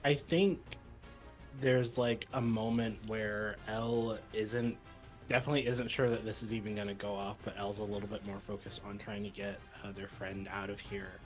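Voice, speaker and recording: A man describing his character's actions in a tabletop game, hesitant and halting, clearing his throat between fillers. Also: fairly low pitch, little pitch movement, faint music behind, rough recording. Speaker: player.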